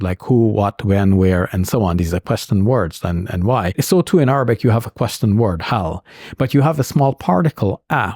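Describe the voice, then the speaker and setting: A man explaining scripture on a talk show, in a measured, thoughtful way with frequent pauses. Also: medium pitch, darkish tone, no echo, clean studio sound. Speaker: Islamic scholar guest.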